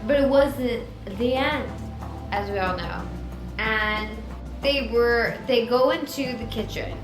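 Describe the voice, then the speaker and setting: A tipsy woman retelling a story in an animated, rambling comedic way. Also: a little high, takes it slowly. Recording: echoey room with music.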